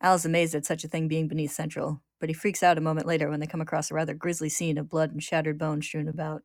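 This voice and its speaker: A woman hosting, narrating a story recap in a steady, descriptive way. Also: deep voice, quick pace, no echo, clean studio sound.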